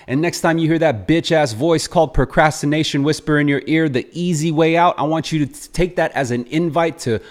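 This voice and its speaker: A young adult man who works as a sales coach, giving a blunt, profanity-laced motivational talk. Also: medium pitch.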